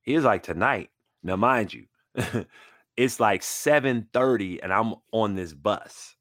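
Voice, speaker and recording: A man in his forties, a retired basketball player, telling a story in an animated way and acting out the people he quotes. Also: measured pace, no echo, studio quality. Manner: acts out quoted voices, jumping high and dropping low.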